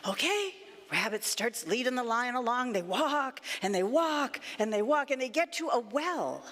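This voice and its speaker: Woman minister telling the kids a story, bouncy high voice, big church echo. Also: normal speed. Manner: animated, playful, asks the children questions. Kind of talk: storytelling for children at a service. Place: church sanctuary. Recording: echoey church sanctuary.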